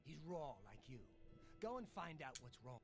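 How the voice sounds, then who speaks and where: An actor playing a gruff, condescending male guild officer in a fantasy game, curt and belittling. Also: fairly high pitch, big pitch swings, normal speed, music in the background. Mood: scornful.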